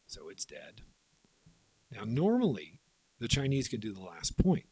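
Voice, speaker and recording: Low husky man explaining a board game. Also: sing-song, no echo, low-quality recording. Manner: explains step by step, voices players' moves in quick asides. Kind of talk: tabletop game rules walkthrough.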